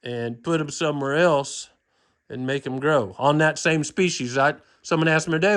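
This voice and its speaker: A man hosting a hunting show, talking casually in a folksy, joking way with quick asides. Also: fairly high pitch, fairly bright tone. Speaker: show host and deer hunter. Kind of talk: casual chat.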